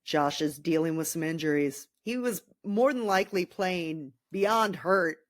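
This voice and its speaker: Podcast host, young woman, slow deliberate delivery, sarcastic ranting, dry close mic. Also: on the low side, no room sound. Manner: sarcastic, animated venting with crude jokes. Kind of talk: casual sports podcast rant.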